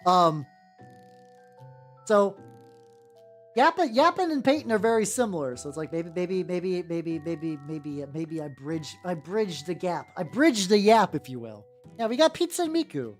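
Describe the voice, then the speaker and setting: Lively rambling woman streamer. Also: fairly low pitch, a little slow. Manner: rambling, self-deprecating. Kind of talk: casual stream chat while painting miniatures. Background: faint background music.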